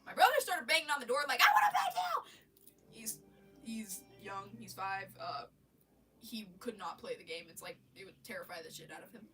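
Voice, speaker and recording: A woman's voice: mid-range voice, animated, brisk, pushed and bright, recorded from a distance, soft background music. A woman with a stuffy nose on a casual live stream, rambling about her day and swearing, with lots of restarts, sitting in her bedroom.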